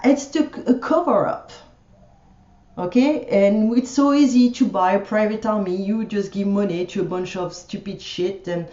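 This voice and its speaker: A French woman with a French accent rants bluntly in a casual vlog, tripping over fillers and restarting her sentences. Her voice is mellow and somewhat dark. The sound is roomy and a little dull. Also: mid-range voice, normal speed. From France. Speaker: French teacher vlogger. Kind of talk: ranting vlog monologue.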